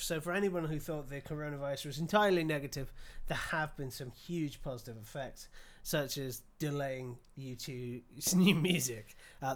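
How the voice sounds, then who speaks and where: A man co-hosting a music podcast, dry and sarcastic as he reads out news items. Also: fairly high pitch. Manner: dry, sarcastic, laughs a lot. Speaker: podcast co-host. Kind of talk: casual chat.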